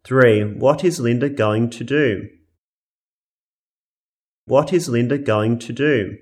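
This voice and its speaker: A man reading English listening-test items aloud in a careful, deliberate way. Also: medium pitch. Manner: careful, deliberate, each item said twice. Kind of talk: slow scripted exam reading.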